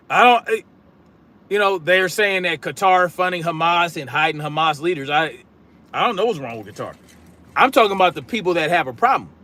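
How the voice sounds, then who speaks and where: A combative man running a political live stream and reading his chat aloud. He talks bluntly in casual slang and projects his voice. His voice sits a little higher than most men's. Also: expressive, normal speed, pushed and bright. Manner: casual slang, repeats catchphrases.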